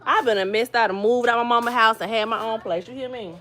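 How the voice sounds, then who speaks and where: A woman's voice: on the high side, fast talker, over music. A woman from New Jersey chatting casually with viewers on a livestream, telling stories and greeting people by name. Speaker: vlogger hosting a livestream.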